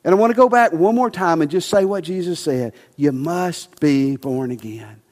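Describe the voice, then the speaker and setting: A male pastor preaching a sermon, emphatic and passionate at times, then quiet and soft. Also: on the high side, normal speed, long reverb tail. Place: church sanctuary.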